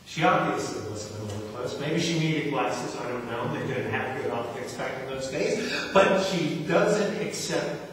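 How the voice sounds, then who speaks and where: A man's voice: mid-range voice, lively intonation, moderate pace, a crowd in the background. A man from New Jersey preaching a sermon as pastor, talking conversationally and acting out quotes. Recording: echoey hall, distant mic.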